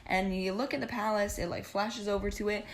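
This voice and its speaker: A woman's voice: mid-range voice, steady tone, fairly quick. A young woman recapping a movie casually, sarcastic, profane and rambling. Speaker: vlogger.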